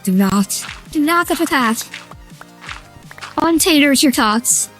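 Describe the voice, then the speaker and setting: A man streaming a game through a feminine voice changer, chatting excitably with his chat, squealing and giggling. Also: very high voice, takes it slowly, soft background music, pitched above the performer's own voice, heavily acted. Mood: playful. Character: high feminine streamer voice, playful. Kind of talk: casual live-stream chat while gaming.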